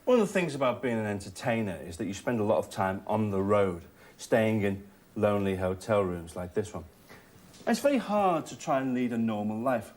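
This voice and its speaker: A man's voice: fairly low pitch, animated, moderate pace, darkish tone. A man doing a sardonic stand-up comedy monologue, chuckling at his own jokes. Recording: noisy recording, laughter behind.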